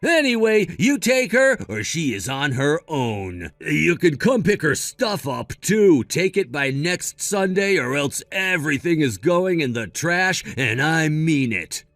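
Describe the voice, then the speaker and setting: A man's voice: on the high side, big pitch swings, measured pace, hardly any pauses, a bit bright, no echo, faint music behind. A man voicing a selfish, whiny grown man who is petulant and pushy.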